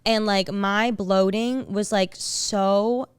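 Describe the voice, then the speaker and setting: A woman's voice: mid-range voice, fairly even intonation, slow, clean tone, dry recording. A young woman co-hosting a podcast in casual chat, rambling and restarting with lots of "like". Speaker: podcast co-host.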